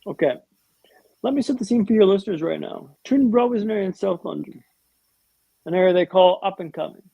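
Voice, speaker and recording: A man telling a vivid, humorous story with dramatic pauses as a guest in a podcast interview, on a dull, lo-fi recording. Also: sits high, creaky, mellow, slightly rough, dry recording.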